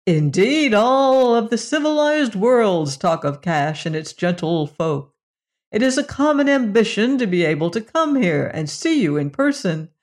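Narrator plays courteous, flowery male visitor; slow, polished. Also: medium pitch, big pitch swings, pitched above the performer's own voice.

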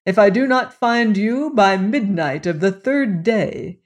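A courtly Cossack general, as a reader puts him on, suave and quietly menacing. He draws each phrase out slowly and with relish, in a very leisurely audiobook delivery. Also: mid-range voice, expressive, voice pushed up. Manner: courtly, unhurried, drawn-out phrasing. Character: suave menacing aristocratic Cossack general, middle-aged man. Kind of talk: audiobook character reading.

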